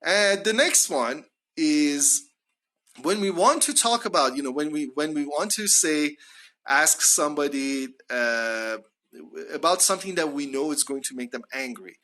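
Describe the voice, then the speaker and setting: Lively, bright-voiced man teaching English. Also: on the high side, measured pace. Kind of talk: live-streamed English lesson.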